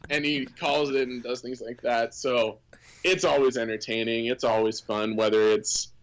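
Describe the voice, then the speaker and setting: Man, mid-pitched voice, casual podcast guest, rambling anecdotes, lots of fillers. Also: normal speed, a little hiss or hum, poor audio. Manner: animated anecdotes with many fillers and restarts. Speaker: former team employee, guest.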